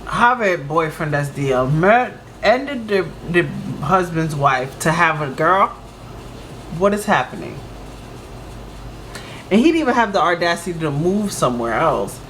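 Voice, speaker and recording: A man's voice: on the high side, very animated, measured pace, fairly bright tone, slight background noise, rough recording. Incredulous man reacting to a story. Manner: chatty, incredulous, laughs between remarks. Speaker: reaction host. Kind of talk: casual reaction commentary.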